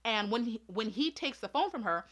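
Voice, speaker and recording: A woman's voice: a little high, expressive, normal speed, fairly bright tone. A woman reviewing a movie in an indignant, emphatic way, firing rhetorical questions and talking straight to her audience.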